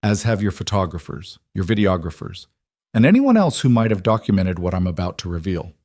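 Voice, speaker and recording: A man voicing a commanding middle-aged mafia boss who speaks with calm, measured authority in a deep voice. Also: no echo, clean studio sound.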